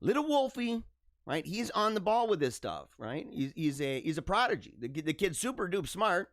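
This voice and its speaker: A man hosts a live stream, talking loosely and jokily to his viewers and often tripping over his words. His voice sits a little high and swings widely in pitch. The sound is close and dry. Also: normal speed, no echo. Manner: animated, joking, frequent laughs and stammered restarts.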